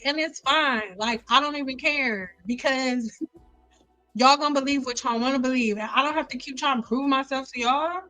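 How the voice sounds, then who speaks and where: A woman hosting a hair care live stream, joking around in a playful, animated way and repeating lines for effect. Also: high-pitched, normal speed, soft background music, poor audio.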